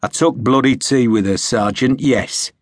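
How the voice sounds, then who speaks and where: A man's voice: mid-range voice, a little slow, dry recording, clean studio sound, natural voice. A man voicing a tough army captain who talks harshly and swears a lot. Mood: gruff.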